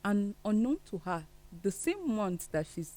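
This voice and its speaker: A guest on a studio discussion show, telling a story in an animated way. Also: medium pitch, measured pace.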